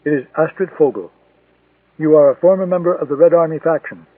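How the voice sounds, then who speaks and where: A man's voice: a little high, fairly quick, slightly rough, no echo. A man reading an audiobook voices a brutal male East German secret police handler interrogating harshly. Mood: cold accusing. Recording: tinny, distant, dry lo-fi recording.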